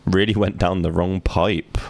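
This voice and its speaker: Young male streamer, low voice, dry jokey commentary over gameplay. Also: steady tone, measured pace, creaky, a little mellow. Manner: joking, sarcastic asides while reading. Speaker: gaming streamer. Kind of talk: casual let's-play commentary, reading game text aloud.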